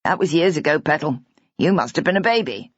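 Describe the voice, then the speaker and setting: A woman voicing a whimsical, good-humoured older father who drawls and gently teases. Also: low-pitched, lively intonation, fairly quick, no echo. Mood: teasing. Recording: dull, dry lo-fi audiobook recording.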